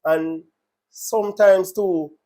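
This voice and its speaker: A man's voice: sits high, steady tone, slow, dark tone. A man with a Jamaican accent telling his personal faith testimony in an earnest, emotional way, often repeating his words. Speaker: testimony speaker.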